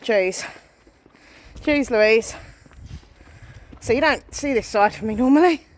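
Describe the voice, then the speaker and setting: Walking along a residential street, a thirtysomething woman films a casual vlog, out of breath and uneasy. She talks slowly in a voice on the high side, chatty and quick to poke fun at herself, sighing frequently.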